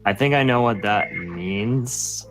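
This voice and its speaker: A man's voice: fairly low pitch, slow pace, a bit bright, soft background music. A man playing a character in a tabletop game, answering with earnest, short replies. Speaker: player.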